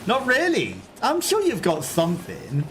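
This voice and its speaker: Man, game streamer, casual chat, rambling, chuckles a lot, slightly high voice, bouncy pitch. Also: wildly swooping pitch, measured pace, fairly bright tone, slight background noise. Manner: rambling, chuckles often between remarks.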